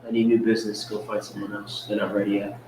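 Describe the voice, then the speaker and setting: A man's voice: fairly low pitch, monotone, quick pace, a little mellow, slight background noise. A man in a seminar audience giving short, laughing replies, heard from far off in a meeting room. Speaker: seminar attendee.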